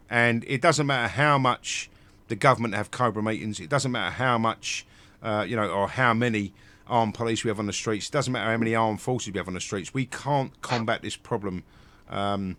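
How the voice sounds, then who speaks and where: A man's voice: on the low side, moderate pace, a bit bright. A man hosting a heated live stream, rambling with many restarts and swearing.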